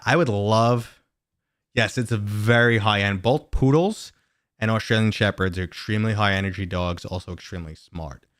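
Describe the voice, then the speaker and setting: Brief: low-pitched male streamer, chatty and rambling, dry close sound, home setup. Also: no room sound. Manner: rambling, chatty, talks to viewers and his dog. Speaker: gaming livestream host. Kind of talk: casual livestream chat.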